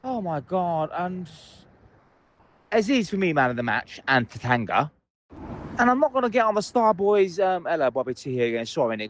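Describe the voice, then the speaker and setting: A man's voice: on the high side, sing-song, moderate pace, no echo. Furious swearing man ranting by voicemail. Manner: angry, swearing, passionate ranting. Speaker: caller leaving voicemails. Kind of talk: phoned-in voicemail rant. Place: out in public, at a train station.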